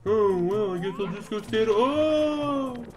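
A man's voice: sits high, lively intonation, takes it slowly, soft background music. A man hosting a let's play, joking and laughing a lot as he talks over his gameplay. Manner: jokey, laughs often, goofs around. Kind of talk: casual gaming commentary.

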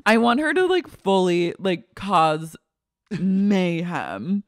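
A woman's voice: lowish voice, big pitch swings, slow pace, dry recording. Playful woman podcast co-host, dry sound. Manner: playful, acts out dramatic voices, many "like"s. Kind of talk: casual pop-culture recap chat.

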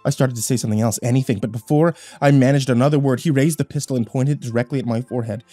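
Husky man reading horror stories. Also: mid-range voice, fairly even intonation, quick pace, warm tone, no echo, faint music behind. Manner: tense, dramatic first-person reading. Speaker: horror storyteller. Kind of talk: scripted horror narration.

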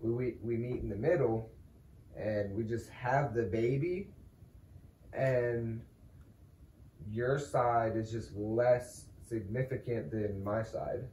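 A young man needles his wife with playful, stubborn insistence. His voice sits at an ordinary pitch for a man. It sounds echoey and a little distant from the mic. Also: takes it slowly, dark tone, slight background noise. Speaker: prankster husband. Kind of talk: casual couple prank.

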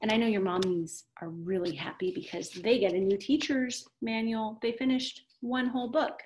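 A woman's voice: on the high side, steady tone, normal speed, darkish tone, a little hiss or hum. A woman teaching a kindergarten math video lesson, cheerful and encouraging, with an exaggerated voice for young children.

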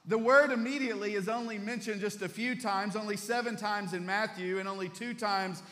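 A male pastor preaching a Sunday sermon in a church, telling stories in an animated way and often restarting his phrases. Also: sits high, brisk, big-room sound. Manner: animated storytelling preacher, repeats words as he restarts. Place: church sanctuary.

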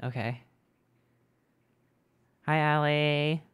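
A woman with a strikingly deep voice hosts a game stream. She chats casually and playfully, giggling and talking in quick bursts. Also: fairly even intonation, smooth. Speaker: streamer host.

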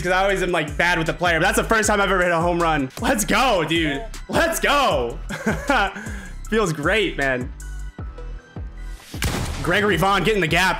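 A man giving casual, excitable commentary as he plays a baseball video game, swearing and trash-talking his own players. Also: high voice, unhurried, pauses often, faint music behind. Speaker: gaming video creator. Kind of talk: casual live gameplay commentary.

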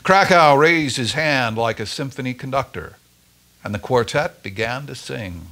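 Man reading a christmas story at church, really lively up and down, bright tone. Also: medium pitch, moderate pace. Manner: expressive, dramatic storytelling. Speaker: story reader at a church Advent service.

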